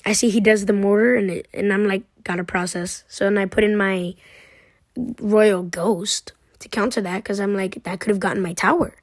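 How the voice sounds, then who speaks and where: A woman's voice: mid-range voice, steady tone, fast talker, few pauses, no echo. A young woman giving casual, playful commentary on her own game, trash-talking her opponent as she walks through each move. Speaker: gaming commentator.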